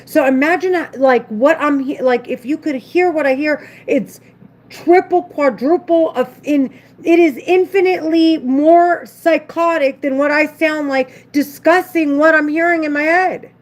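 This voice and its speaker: A woman's voice: sits high, unhurried. A woman vlogger talking to camera in an agitated, repetitive, rambling monologue. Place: at home, doing her makeup.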